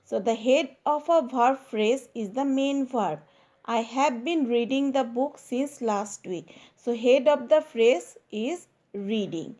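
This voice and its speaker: Slow, mellow woman teaching grammar. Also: fairly high pitch. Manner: dictating, stressing key words. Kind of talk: slow, deliberate grammar lesson.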